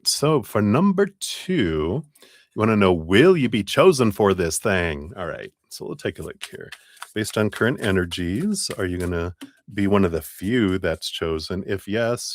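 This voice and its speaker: A man giving live tarot readings to viewers in a relaxed, chatty way, often laughing as he thanks donors by name. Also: deep voice, dry recording, studio quality. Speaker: tarot reader.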